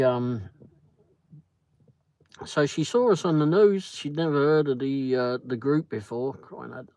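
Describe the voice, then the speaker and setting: This British man hosts a casual livestream, rambling through a story, greeting viewers by name and reading their comments aloud in a chatty way. His voice sits in the mid range and is a little mellow, with no echo but a rough recording.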